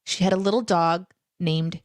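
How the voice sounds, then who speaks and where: A woman's voice: fairly low pitch, normal speed, no echo. Chatty woman hosting a live chat. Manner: animated, chatty storytelling with fillers. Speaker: co-host. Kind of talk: casual live chat, reading viewer questions. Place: home room.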